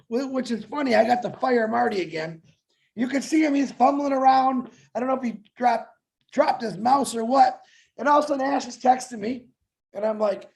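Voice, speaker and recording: Animated joking man co-hosting a webinar. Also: extremely high pitch, gravelly. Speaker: webinar co-host. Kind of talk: casual webinar storytelling.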